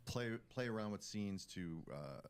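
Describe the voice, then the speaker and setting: A man's voice: lowish voice, expressive, unhurried, clean tone. A man speaking as a podcast guest in casual chat, with dry, easygoing replies.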